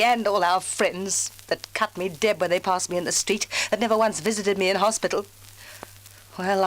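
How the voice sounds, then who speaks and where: This is a bitter, lonely woman consumed by hatred, voiced by an actress in a 1950s radio drama. She swings from venom to hoarse whispers. A faint hum sits under the old recording. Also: lowish voice, natural voice, low-quality recording. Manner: dramatic, vengeful, dropping to a whisper.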